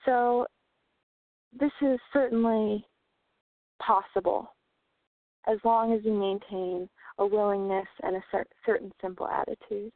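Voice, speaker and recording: A woman telling a steady story while sharing at a recovery meeting. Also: mid-range voice, measured pace, pauses often, dry recording. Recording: tinny phone line.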